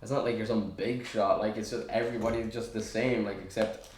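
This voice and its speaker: A man's voice: lowish voice, steady tone, brisk, roomy sound, slight background noise. A young man with an Irish accent, chatting casually as a podcast guest in a rambling, self-deprecating way. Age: young adult. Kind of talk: casual chat.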